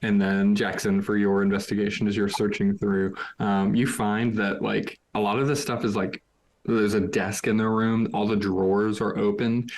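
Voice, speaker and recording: A man's voice: fairly low pitch, flat delivery, normal speed, a little mellow. A man narrating a tabletop game as game master, loose and full of fillers.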